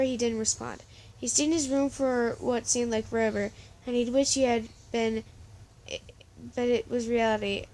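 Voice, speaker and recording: A woman's voice: on the high side, darkish tone. A woman casually reading a story aloud, stumbling and restarting now and then. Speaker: story reader.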